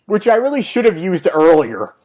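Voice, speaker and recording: A young man co-hosting a casual comic recap, chatty and quick to laugh as he leads the talk. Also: high-pitched, sing-song, a little mellow. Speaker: comic podcast co-host.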